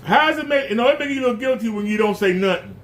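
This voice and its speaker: Indignant high-voiced man ranting to camera. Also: expressive, fast, a bit bright, a little hiss or hum. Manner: indignant, repeats points, rhetorical questions. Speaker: YouTube channel host. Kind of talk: casual rant to camera.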